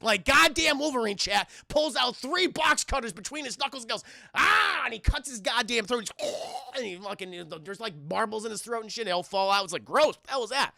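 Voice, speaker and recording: A man's voice: extremely high pitch, a little fast, creaky, hardly any pauses, sharp tone, dry recording, clean studio sound. A man recapping a film live for his stream chat, rambling and swearing freely as he goes. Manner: rambling, profane, addresses chat.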